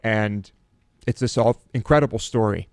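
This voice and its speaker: A man's voice: on the low side, normal speed, dry recording, studio quality. A man who is a show regular, telling an anecdote in casual chat with lots of restarts. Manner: rambling, animated storytelling with many restarts.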